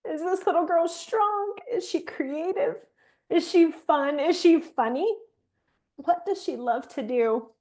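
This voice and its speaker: A young adult woman gently guiding a reflection exercise, talking softly and emotionally with slow encouraging words. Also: extremely high pitch. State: emotional, near tears. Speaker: fitness coach leading a guided exercise. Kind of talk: guided reflection exercise on a live call.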